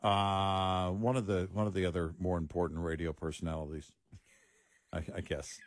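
Low-voiced male co-host, relaxed. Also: normal speed. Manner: frequent short agreements, relaxed storytelling. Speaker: radio show co-host. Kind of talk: casual chat.

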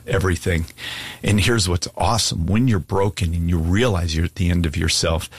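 A man's voice: low-pitched, slightly rough, no echo. A man preaching an earnest, pleading sermon and asking listeners to give their lives to Jesus. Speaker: pastor. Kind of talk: sermon altar call.

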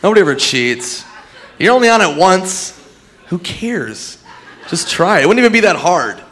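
A man's voice: high-pitched, very animated, moderate pace, a bit bright. Rambling, swearing stand-up man. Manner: loose, rambling, swears a lot. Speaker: stand-up comedian. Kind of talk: stand-up set.

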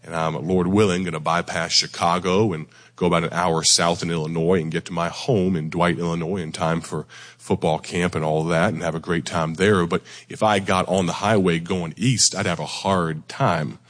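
Hoarse male preacher, very low and deep, folksy and self-deprecating, talking to a congregation. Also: fairly even intonation, moderate pace, fairly bright tone, big-room sound. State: hoarse, near losing his voice. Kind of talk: sermon. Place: church sanctuary before a congregation.

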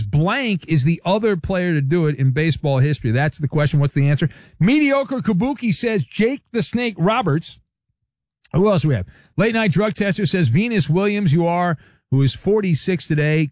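Male sports radio host, higher voice, wry banter, dry studio sound. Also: darkish tone, no echo. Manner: wry, quick quips, fillers. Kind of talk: casual radio show banter.

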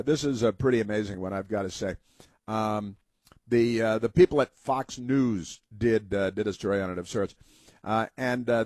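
A man hosting a talk radio show, giving sarcastic, halting opinion commentary with frequent restarts. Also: lowish voice, a little mellow, no room sound.

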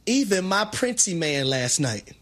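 A man co-hosting sports talk radio, joking in an animated, preacher-like exhortation. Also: high voice, measured pace.

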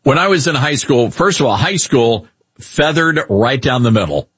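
A talk radio host with a husky, slightly raised voice that swings all over as he rants and jokes. The sound is dry and close to the mic. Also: mid-range voice, normal speed, dry recording. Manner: animated, mocking, rambling. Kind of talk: opinionated talk radio commentary.

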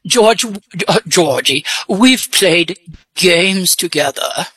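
A woman speaking in a put-on English accent with a deep-pitched voice whose pitch swoops widely. She talks slowly and hesitantly, trailing off into fillers as a mystery guest on a radio guessing game, in a dry, close recording. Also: lively intonation, a bit bright, slightly rough, dry recording. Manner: hesitant, halting with many fillers.

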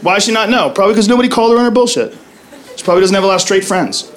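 High-voiced brash stand-up comic man. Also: animated, rapid-fire. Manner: brash, profane, loud punchlines. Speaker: stand-up comedian. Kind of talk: stand-up comedy routine. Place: comedy club stage. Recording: live club recording, audience laughter. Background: crowd laughing.

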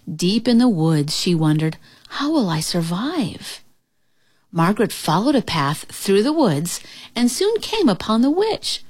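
A woman reading a children's storybook aloud in an expressive, lively manner. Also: medium pitch, unhurried, no echo, clean studio sound.

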